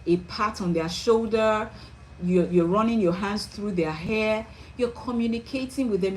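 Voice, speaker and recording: A woman's voice: medium pitch, moderate pace, darkish tone, a little hiss or hum, rough recording. Earnest woman teaching parenting. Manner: earnest and emphatic, checks in with listeners. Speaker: parenting coach. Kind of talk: teaching talk.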